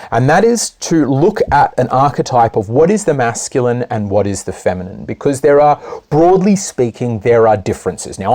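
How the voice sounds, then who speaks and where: A man of middle pitch with a mellow, dark tone speaks as a corporate trainer in a video essay. His delivery is emphatic, leaping up in pitch on key points and sinking to a hushed near-whisper for contrast. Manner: emphatic, sweeping swings of pitch and loudness; drops to a soft, hushed tone for contrast.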